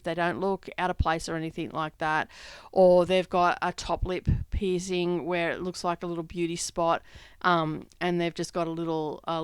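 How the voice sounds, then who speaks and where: A woman's voice: fairly low pitch, clean tone, dry recording. A middle-aged woman, casually telling a family story while she stitches, rambling and laughing often. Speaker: craft vlog host. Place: home craft studio.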